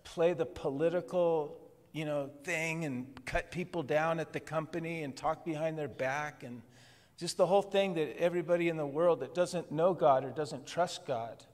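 Guy preaching a sermon, kinda high voice, long church reverb, chatty, laughs a bit. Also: moderate pace. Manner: conversational preaching with soft laughs. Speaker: pastor. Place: church worship service.

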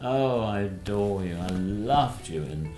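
An older man mimicking a fawning, posh middle-aged woman in a high, breathless voice. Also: expressive, slow, warm tone. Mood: gushing. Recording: roomy with faint music.

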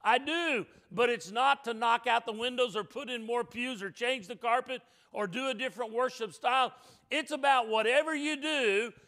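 A man with a high, bright, ringing voice preaches a sermon in a church. He is emphatic and folksy, going from loud declarations to quiet joking asides to his congregation. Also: normal speed. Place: church sanctuary.

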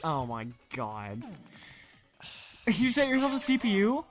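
A woman giving casual, excitable commentary while playing a video game with a friend, shouting at the screen. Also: medium pitch, a little slow. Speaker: let's play co-host.

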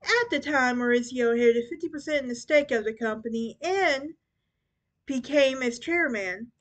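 High-voiced young woman podcast host. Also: moderate pace. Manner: chatty, stumbles and restarts over names. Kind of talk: casual true crime podcast narration.

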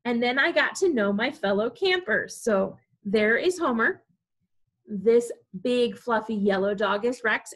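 Slow, higher-voiced woman reading to children. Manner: animated, talks to children directly. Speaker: library storytime reader. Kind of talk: reading a picture book aloud to preschoolers. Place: library.

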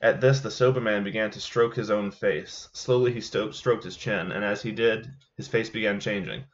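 A young man, a peer mentor, reading a ghost story aloud to students at a measured pace, sometimes correcting himself. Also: on the low side, fairly even intonation. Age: young adult. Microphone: computer mic on a voice call. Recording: dull lo-fi online call audio.

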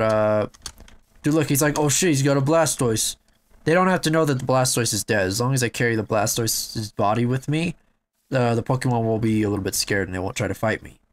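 A young man commentating his game, excitable and swearing, shouting at what happens on screen. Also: mid-range voice. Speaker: gamer. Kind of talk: let's play commentary.

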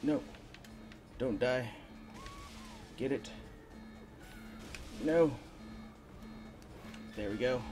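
A man's voice: mid-range voice, very slow, long pauses, darkish tone. A man casually talking through a video game as he plays, half-mumbling to himself. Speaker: gaming video host. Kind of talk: let's-play commentary. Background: faint game music.

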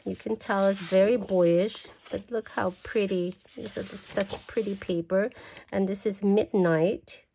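A woman's voice: mid-range voice, fairly even intonation, a little slow, dark tone, husky. A woman vlogger gushing and exclaiming as she unboxes and flips through craft paper. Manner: gushing, exclaims over everything. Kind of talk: casual unboxing chat.

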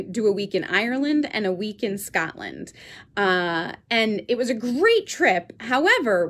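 Animated chatty woman instructor. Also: a little high. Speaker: Pilates instructor. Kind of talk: telling a story during a workout class.

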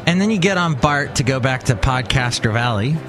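A man's voice: mid-range voice, lively intonation, a little fast, a bit bright. A man chatting casually on a podcast, rambling with an uneven pace and trailing off. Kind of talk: casual chat.

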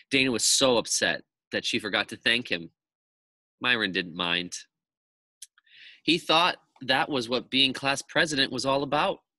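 A man, a teacher, reading a children's chapter book aloud to his class in a lively, expressive storytelling manner. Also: medium pitch, no echo.

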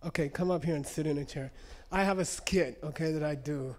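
A man's voice: a little high, a little fast, slight background noise. A man giving a live lecture to an audience, teaching in a conversational way and checking in often with "okay?". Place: lecture room.

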